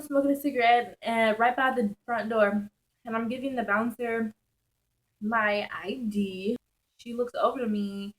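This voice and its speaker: A young woman vlogger recounts a crazy night out in loose, slangy storytime fashion. She speaks slowly, with a voice that sits a little high. She stays animated and breaks into laughter often. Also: poor audio. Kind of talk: casual storytelling.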